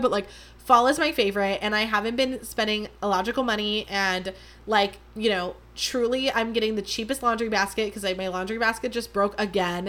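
A woman's voice: fairly high pitch, fairly bright tone. A young woman hosting her own podcast, chatting casually and mocking herself, with lots of fillers. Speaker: podcast host. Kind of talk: casual solo podcast chat.

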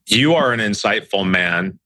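A man's voice: lowish voice, expressive, unhurried, bright, forceful tone, no echo. A man hosting a podcast interview, asking thoughtful questions. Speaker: podcast host.

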